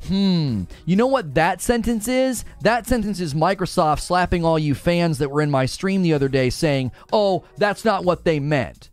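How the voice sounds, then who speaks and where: A man streaming heated gaming commentary, sarcastic and animated, mocking viewers in put-on voices. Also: on the high side, normal speed, few pauses, no echo, soft background music.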